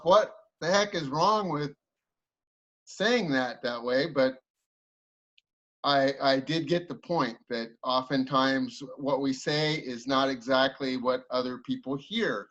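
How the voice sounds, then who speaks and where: A man evaluating a speech at an online club meeting, offering measured, complimentary feedback over dull, lo-fi video call audio. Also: on the high side, fairly bright tone.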